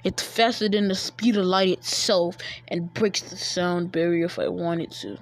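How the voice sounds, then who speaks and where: A woman voicing a boastful young boy ninja while retelling a fan story, bragging in a slightly quieter voice. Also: lowish voice, steady tone, unhurried, pitched below the performer's own voice.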